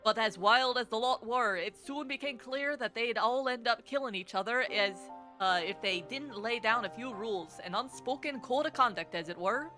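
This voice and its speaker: A woman's voice: fairly high pitch, normal speed, pushed and bright, faint music behind. A woman voicing a swaggering male rogue guildmaster, reading game dialogue aloud in a thick put-on Scottish-style accent. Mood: lecturing.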